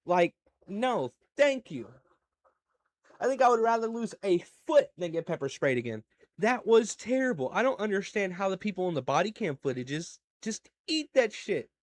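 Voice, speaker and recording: A man's voice: sits high, moderate pace. Profane young man rambling on a podcast. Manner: crude, profane storytelling with animated swings in loudness. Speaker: podcast host. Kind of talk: casual solo podcast monologue.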